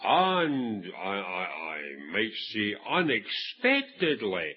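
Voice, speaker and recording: A man's voice: on the low side, wildly swooping pitch, slow, breathy edge, dull audio. A Scottish man preaching a sermon, telling a Bible story and acting out the quoted voices, with frequent restarts. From Scotland.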